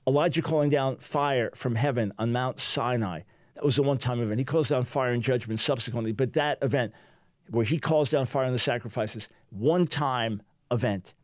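A man's voice: medium pitch, moderate pace, dry recording, clean studio sound. An older American man hosting a Christian talk show, preaching fervently and reading a testimony aloud with emphasis. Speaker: radio show host.

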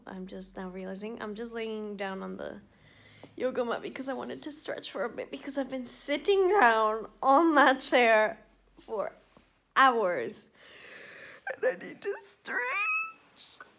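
A woman's voice: fairly high pitch, a little slow, fairly bright tone. A tired woman chatting casually at home in a rambling vlog, giggling often and dropping into whispered asides. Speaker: vlogger. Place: at home indoors.

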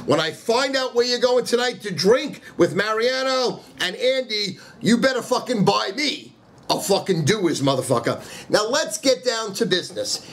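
A man, a sports handicapper doing a profane comic rant and a betting pitch. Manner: loud, profane, ranting.

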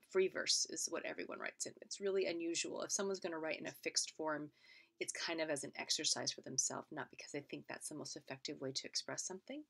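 Woman, low voice, gravelly, lecture, explains step by step, checks in with "right?". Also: a bit bright. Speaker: literature teacher. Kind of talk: recorded lecture.

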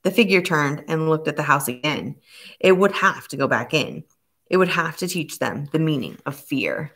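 Low-voiced woman reading a novel. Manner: steady, measured reading. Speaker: audiobook narrator. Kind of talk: scripted narration.

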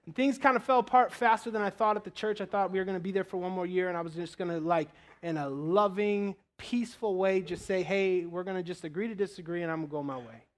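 A man preaching in a church, telling his story with animated swings from loud to low and quiet prayer. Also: quick pace, few pauses. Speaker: guest preacher. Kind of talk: sermon testimony. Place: church sanctuary.

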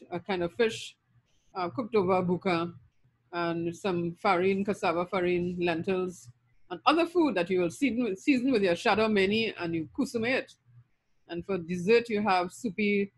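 Speaking with a Trinidadian accent in a fairly low-pitched voice, a middle-aged woman from Trinidad lists terms one after another in a recorded linguistics lecture. She says "um" often along the way.

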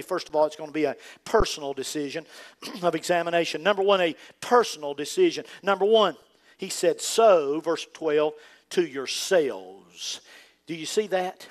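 An older man with a Southern accent from North Carolina preaching a fervent sermon, swinging from loud emphatic rises to quiet asides. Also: on the high side. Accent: Southern American. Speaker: pastor.

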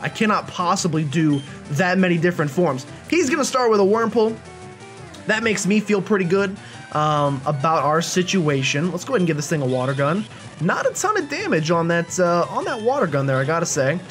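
A man's voice: high-pitched, sing-song, a little fast, a bit bright, soft background music. A man hosting a let's play, giving casual gameplay commentary in a chatty, jokey, rambling way.

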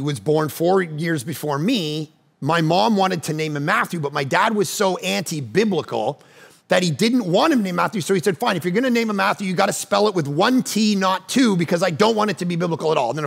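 A man preaching a sermon as pastor, swinging from loud urgent appeals to quiet teaching. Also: fairly high pitch, gravelly, slightly rough. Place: church stage.

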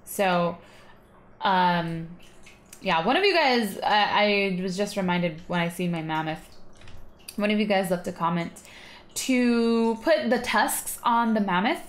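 A woman's voice: medium pitch, expressive, slow. A woman hosting a gaming video, chatting casually and rambling with giggles as she plays. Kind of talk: casual gameplay commentary.

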